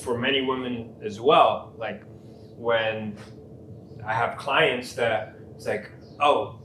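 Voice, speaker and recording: A man who works as a coach, speaking in a measured, reflective way and often checking in with "right?". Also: mid-range voice, steady tone, a bit bright. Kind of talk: casual podcast conversation. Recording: roomy sound with faint noise.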